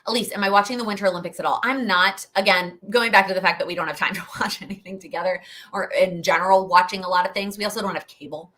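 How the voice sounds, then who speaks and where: Chatty woman, bright voice. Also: medium pitch, fast talker, a little hiss or hum. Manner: chatty, rambling, laughs often. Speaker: host. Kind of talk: live Q&A stream.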